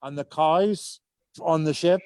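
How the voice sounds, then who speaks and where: A man with a Belfast accent, working as a tour guide, telling anecdotes with deadpan sarcasm over a video call. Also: on the high side, takes it slowly, clear, resonant tone, no echo. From Northern Ireland.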